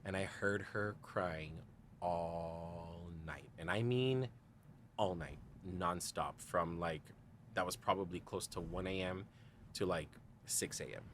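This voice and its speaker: Low-voiced man telling his story. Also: slow, a bit bright, slight background noise. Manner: quotes others in dialogue, frequent "like" and "you know"; laughs often while telling the story. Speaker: podcast guest. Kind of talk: candid personal storytelling.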